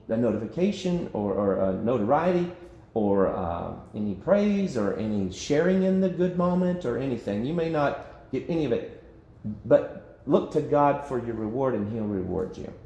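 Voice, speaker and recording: Animated man teaching a bible study. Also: mid-range voice. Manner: animated, acts out quotes, laughs often. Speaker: pastor leading a Bible study. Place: church meeting room. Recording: echoey room with faint background noise.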